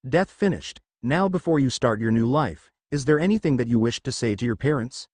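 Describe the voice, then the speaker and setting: A man voicing Death, a stern male spirit of the afterlife, speaking calmly and instructively in a fan fiction audiobook. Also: mid-range voice, fairly quick, no echo, natural voice. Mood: solemn.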